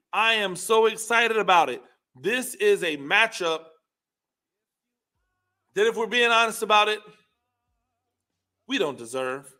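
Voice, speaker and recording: A man hosting a football talk show, giving an emphatic, excitable opinion monologue and repeating his points with rhetorical questions. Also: sits high. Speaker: football commentary show host.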